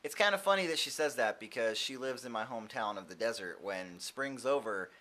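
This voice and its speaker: Casual young male vlogger, chatty, mid-pitched, animated in his retelling. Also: brisk. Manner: chatty, animated quoting of others. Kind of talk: casual storytelling vlog.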